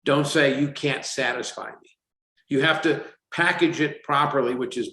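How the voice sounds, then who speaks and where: A man in his sixties talks at a middle pitch, chatty and animated, slipping into the voices of the people in his stories. The room rings around him, giving his voice a noticeable echo. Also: normal speed. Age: 60s. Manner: animated storyteller, acts out quotes. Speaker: company CEO guest. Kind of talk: casual podcast interview. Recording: roomy echo.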